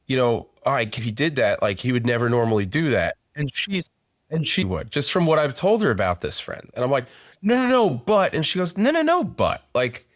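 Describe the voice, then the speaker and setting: Male podcast host and sales coach, rambling and conversational, mid-pitched, dry close-miked sound. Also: dry recording. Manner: rambling, lots of restarts and "like" fillers. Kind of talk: casual conversational interview.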